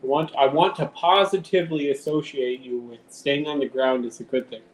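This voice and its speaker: A man's voice: mid-range voice, steady tone, normal speed. A man rambling casually on a live stream at home, swearing now and then and talking to his cat. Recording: roomy with faint background noise.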